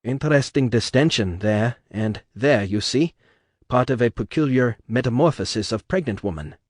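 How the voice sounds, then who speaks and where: A man's voice: mid-range voice, normal speed, dry recording, studio quality, natural voice. A man voicing a fussy, coldly curious male doctor who speaks clinical, broken English.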